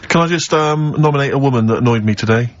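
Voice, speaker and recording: A man's voice: mid-range voice, fast, a little hiss or hum. A man, co-hosting a radio show with dry, wry remarks in casual banter. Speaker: radio co-host. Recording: dull lo-fi radio broadcast.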